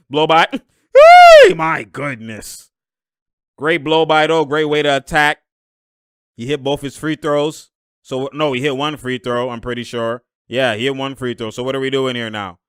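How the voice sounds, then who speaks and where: A young man reacting live to a basketball game, excitable and slangy, laughing often and yelling at plays. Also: medium pitch, moderate pace, pauses often, smooth, dry recording, studio quality.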